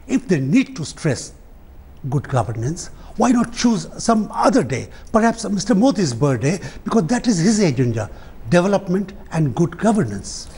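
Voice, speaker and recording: A man's voice: on the high side, darkish tone, slightly rough. A man, a debate guest speaking in an impassioned, aggrieved way. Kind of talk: political debate.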